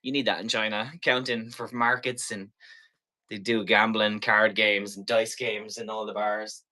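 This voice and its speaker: Guy selling stuff on a live stream, bright sharp voice, rambly and jokey. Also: lowish voice, level tone, measured pace. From Ireland. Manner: chatty, playful, rambling.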